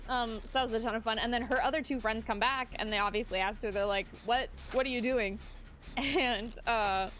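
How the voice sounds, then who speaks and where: A woman's voice: on the high side, fairly even intonation, normal speed, fairly bright tone, a little hiss or hum. A woman streaming a game, telling stories in casual, chatty talk with bursts of laughter. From United States. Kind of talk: casual chat while gaming.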